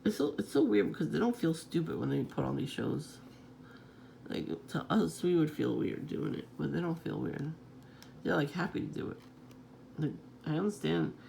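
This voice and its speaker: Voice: mid-range voice, animated, normal speed, gravelly, mellow, a little hiss or hum. A vlogger talking in a casual, rambling monologue, swearing freely and chuckling often.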